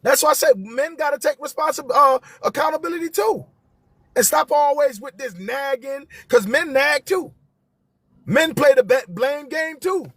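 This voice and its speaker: Passionate high-voiced man preaching on a live stream. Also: lively intonation, moderate pace, a bit bright, no room sound. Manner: passionate, emphatic, repeats key phrases.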